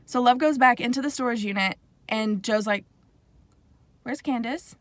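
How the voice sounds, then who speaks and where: A woman's voice: fairly high pitch, a little fast, no echo. A young woman giving a casual, chatty spoiler recap of a TV series, full of "like" and dramatic asides. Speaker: TV show reviewer.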